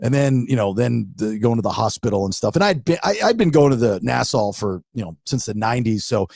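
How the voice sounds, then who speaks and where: A man's voice: mid-range voice, a little fast, creaky, no echo, clean studio sound. A middle-aged man co-hosting a podcast, telling a story in casual chat and acting out what people said. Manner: animated storyteller who acts out what people said. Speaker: podcast co-host.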